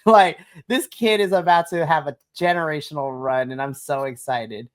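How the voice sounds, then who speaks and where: A woman co-hosting a casual wrestling review podcast, excitable and gushing, acting out her own reactions. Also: deep voice, moderate pace, few pauses. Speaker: podcast co-host. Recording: online podcast conversation.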